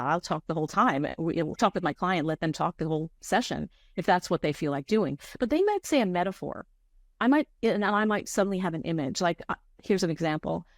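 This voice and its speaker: A woman's voice: on the low side, no echo, studio quality. A middle-aged woman working as a grief counselor, answering interview questions in a candid, searching way with frequent restarts.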